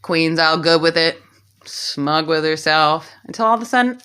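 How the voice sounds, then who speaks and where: A woman's voice: low-pitched, moderate pace, a bit bright, smooth. A woman telling a comic story with sassy, slangy asides. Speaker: comedic storyteller.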